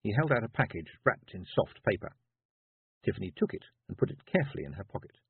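A man reading a storybook aloud in an expressive, measured narration. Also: lowish voice, creaky, slightly rough, dry recording. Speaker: audiobook narrator. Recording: tinny phone-like dry sound.

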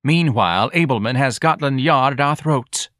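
A man's voice: mid-range voice, lively intonation, moderate pace, a bit bright, dry recording, studio quality, voice pushed up, lightly acted. A man voicing a wealthy middle-aged wife who lectures insistently and needles her husband. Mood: needling.

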